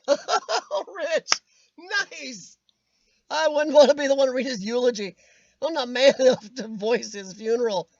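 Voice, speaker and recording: Livestream host, a man with a high, nasal, worn voice that cracks at times, joking to chat over a dull, dry webcam. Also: slow pace, no room sound. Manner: rambling, jokey, laughs often. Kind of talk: casual chat.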